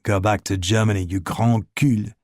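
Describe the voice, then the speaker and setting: A man's voice: fairly low pitch, fairly even intonation, moderate pace, darkish tone, no room sound, clean studio sound, voice pushed down, close to an everyday voice. A man voicing a defiant, contemptuous fugitive in an audiobook, speaking curtly. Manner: curt, contemptuous.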